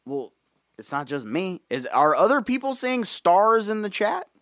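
A man's voice: high voice, sing-song, a little slow, a bit bright, no echo, clean studio sound. A man co-hosting a casual stream, talking bluntly in casual slang. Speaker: stream co-host.

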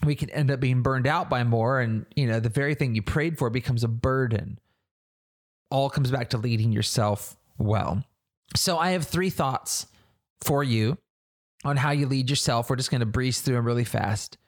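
A man's voice: medium pitch, moderate pace. A man hosting a faith-based leadership podcast, talking earnestly and conversationally and asking the listener searching questions. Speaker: church leader podcast host. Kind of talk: reflective podcast teaching.

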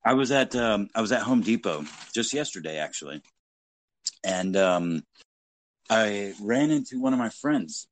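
A man's voice: fairly low pitch, animated, a little slow. A man co-hosting a podcast, telling casual anecdotes in a blunt, profanity-heavy way. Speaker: podcast co-host. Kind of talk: casual storytelling chat.

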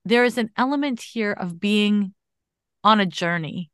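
In a conversational astrology reading, this woman podcast host comes across as animated and emphatic and swears casually. She speaks unhurriedly in a clean, mid-range voice, with a dry recording.

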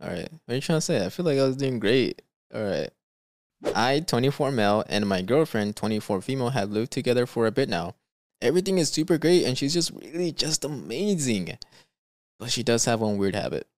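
Male podcast host, casual and slangy, animated reads, dry close sound. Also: medium pitch, fairly quick, no echo. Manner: animated, slangy, says "bro" and "dude" often. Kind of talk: casual podcast chat, reading stories aloud.

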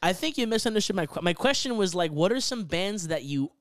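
A man's voice: sits high, expressive, brisk, fairly bright tone, a little hiss or hum. A young man co-hosting a podcast, rambling casually and leaning on repeated "like". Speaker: podcast co-host.

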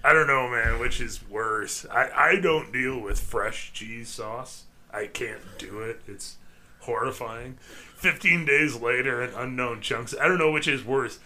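A man's voice: medium pitch, measured pace, sharp tone. A man in casual podcast chat, reacting animatedly and swearing freely. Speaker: podcast co-host.

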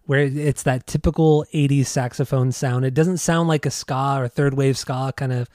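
A man co-hosting a casual music podcast, laid-back and rambling, quick to laugh. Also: medium pitch, steady tone, darkish tone, dry recording, studio quality. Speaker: podcast co-host.

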